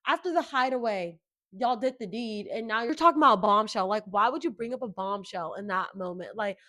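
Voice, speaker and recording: A young woman hosting her own podcast, talking casually in gossipy, animated rants. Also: medium pitch. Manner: animated, gossipy, quick rants with mimicked voices. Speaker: podcast host. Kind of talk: casual solo chat.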